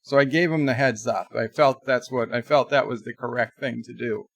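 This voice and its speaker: A man's voice: medium pitch, moderate pace, vocal fry, no room sound. Man hosting a live stream, dry close sound. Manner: rambling, reads viewer chat aloud, frequent restarts. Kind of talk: casual live-stream chat.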